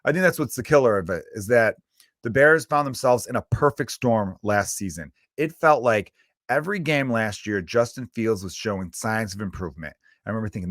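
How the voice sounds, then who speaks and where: A man's voice: on the low side, brisk, fairly bright tone, no echo, clean studio sound. A man hosting his own comedy podcast, ranting casually in a profane, exasperated, rambling way.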